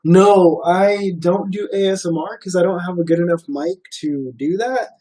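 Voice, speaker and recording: A young man chats on his livestream in a relaxed, rambling way, filling his pauses with ums and likes. His voice sits a little high for a man, with a mellow, soft tone. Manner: relaxed, rambling, many fillers. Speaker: livestream host. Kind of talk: casual livestream chat.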